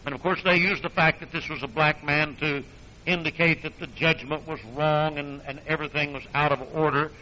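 A male Baptist preacher delivers his sermon in a high, sharply bright voice. He hammers his points with emphasis, then drops into low, folksy asides. His storytelling carries a dry, sarcastic edge. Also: steady tone, fairly quick, low-quality recording. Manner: emphatic, swings from loud declarations to low asides.

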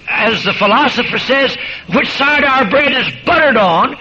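Guy preaching a sermon, really high voice, emphatic, talks right to his listeners, muffled radio sound with hiss. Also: expressive, moderate pace. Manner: emphatic, addresses listeners as beloved.

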